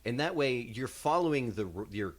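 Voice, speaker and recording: A man's voice: mid-range voice, animated, normal speed. A man co-hosting a casual podcast chat, explaining his views on a game at length. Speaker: podcast co-host reviewing games and movies.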